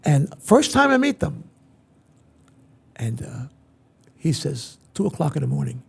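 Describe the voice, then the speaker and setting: Older male guest, gravelly and husky, high lively storyteller who jumps into other people's voices. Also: unhurried, pauses often. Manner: acts out quoted voices with big pitch swings. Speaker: interview guest, veteran entertainer. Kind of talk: animated storytelling in an interview.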